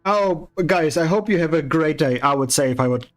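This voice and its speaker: A man's voice: fairly high pitch, lively intonation, brisk, soft background music. A man chatting casually with his stream viewers while painting, teasing and swearing with a sarcastic edge, chewing ice as he talks. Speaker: livestreaming artist.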